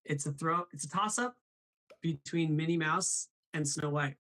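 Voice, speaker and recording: A man's voice: fairly high pitch, moderate pace, pushed and bright, poor audio. A man hosting a live show, chatting about voice impressions in a bubbly way, laughing often and reading out viewer comments. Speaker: host.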